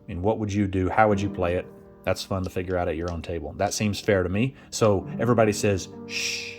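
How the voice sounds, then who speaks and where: A man's voice: low-pitched, fairly even intonation, quick pace, darkish tone, faint music behind. A man narrating a solo tabletop game, chatting and thinking aloud as he rolls dice and laughs at bad results.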